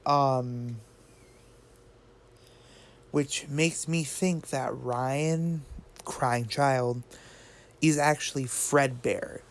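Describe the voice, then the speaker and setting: Musing aloud over a video game theory, a man who makes gaming videos speaks casually at a medium pitch with fairly even intonation. He draws out his words, leaves long pauses, rambles, and often restarts with fillers.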